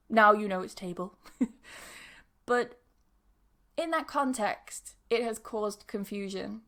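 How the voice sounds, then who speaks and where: A woman English pronunciation teacher hosting a podcast, talking in a casual, chatty way with laughs and asides. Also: medium pitch. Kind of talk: casual solo podcast monologue.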